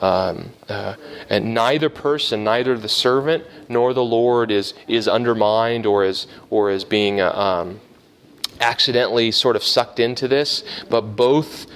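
A man leads a Bible class in a somewhat low voice. He explains slowly and carefully, stopping often on fillers and restarting his sentences. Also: a bit bright. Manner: halting, many fillers and restarts, explaining step by step. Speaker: Bible teacher.

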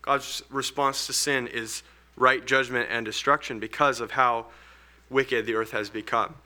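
A man's voice: medium pitch, steady tone, measured pace, sharp tone. A man leading a group Bible study, earnest and explanatory, thinking aloud as he teaches.

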